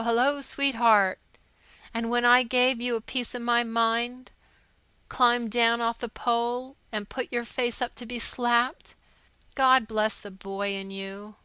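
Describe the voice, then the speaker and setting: A woman's voice: on the high side, steady tone, measured pace, bright, forceful tone, clear, resonant tone, no room sound, poor audio. A woman reading aloud a young sweetheart's earnest, tender letter to her wounded soldier.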